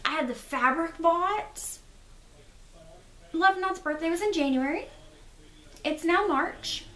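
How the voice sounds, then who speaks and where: A young woman with a very high-pitched, slightly bright voice speaks slowly while hosting a casual crafting video as a podcast host. She's chatty and self-deprecating with rambling asides, recorded in an echoey room.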